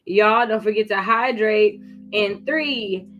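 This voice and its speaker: A woman's voice: medium pitch, takes it slowly, a bit bright, muffled recording, soft background music. Chatty woman hosting a writing livestream. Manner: chatty and encouraging, reads viewer comments aloud; occasional throat clearing and coughs. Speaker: livestream host. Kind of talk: casual livestream chat with viewers.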